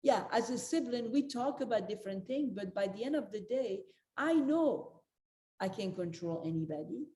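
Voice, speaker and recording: A woman's voice: a little high, expressive, normal speed, mellow. An older woman giving a motivational talk as a spiritual life coach, earnest and direct, repeating her key advice to the listeners. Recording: roomy echo.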